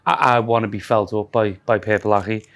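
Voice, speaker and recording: A man's voice: on the low side, fairly even intonation, a little fast, fairly bright tone. A man with a Scouse accent co-hosting a podcast in casual, sweary banter, mocking himself and rambling with restarts. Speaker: podcast co-host.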